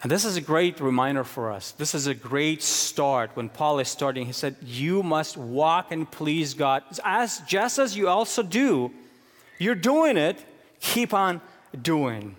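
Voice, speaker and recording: A man's voice: lively intonation, unhurried. Earnest male preacher in a reverberant hall. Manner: earnest preaching, swinging between hushed low stretches and raised emphatic questions. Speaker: pastor. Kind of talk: sermon.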